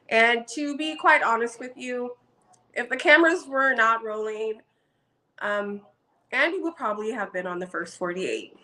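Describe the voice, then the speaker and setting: Brief: woman show reviewer, fairly high, bright voice, gossipy casual recap. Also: expressive, normal speed, low-quality recording. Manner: chatty and gossipy, frequent ums.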